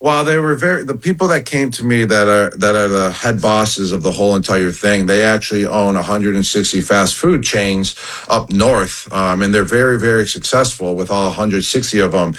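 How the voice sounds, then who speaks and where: A man's voice: on the low side, moderate pace, a bit bright, poor audio. Chill dude in his 30s chatting on the radio, hypes stuff up, calls everyone man. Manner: laid-back, upbeat, says "man" and "baby". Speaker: radio show guest. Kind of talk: casual radio chat.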